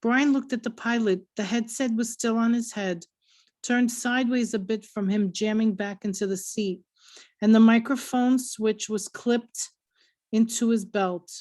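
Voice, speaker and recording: Woman reading a chapter book out loud, steady and earnest, kinda high voice. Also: a little slow. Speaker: reader. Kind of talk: reading a novel aloud.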